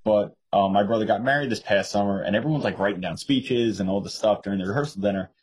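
A man's voice: lowish voice, fast, husky, poor audio. A young man co-hosting a casual political podcast, telling stories and mimicking others in a raised voice. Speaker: podcast co-host.

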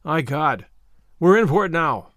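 A man's voice: on the high side, expressive, unhurried, fairly bright tone, dry recording, studio quality. A man reading the part of a fierce, keen young airman who speaks in clipped, urgent bursts. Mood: tense.

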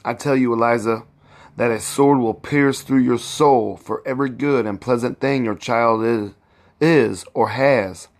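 A man's voice: medium pitch, measured pace, close to an everyday voice. A man reading a mournful, resolute young husband. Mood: bitter. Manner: mournful, earnest.

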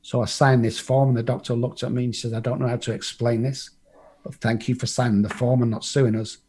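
A man's voice: medium pitch, flat delivery, a little fast, darkish tone, a little hiss or hum. A man from England, telling a personal recovery story to a group, blunt and profane, acting out the people in it. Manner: blunt and profane, acts out the voices in his story. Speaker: recovery speaker.

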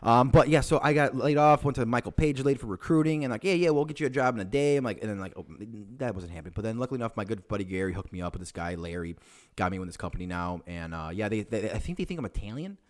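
Fast, rambling young man. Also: lowish voice. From Chicago. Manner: rambling, profane, self-deprecating. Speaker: podcast co-host. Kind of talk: casual chat.

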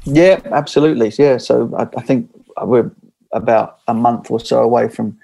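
An English man chatting easily as a podcast guest in a relaxed interview. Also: medium pitch, moderate pace, vocal fry. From England. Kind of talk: casual interview talk.

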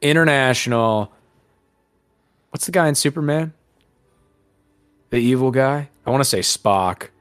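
A man runs a loose, rambling podcast chat, full of sarcasm and casual swearing. His voice sits at an ordinary middle pitch. The sound is dry and close, with little room around it. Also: expressive, measured pace, pauses often, fairly bright tone, no room sound. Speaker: podcast host.

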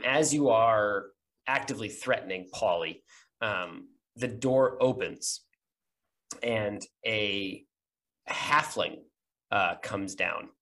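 A man narrating a tabletop game as game master, halting and full of fillers. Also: lowish voice, fairly bright tone.

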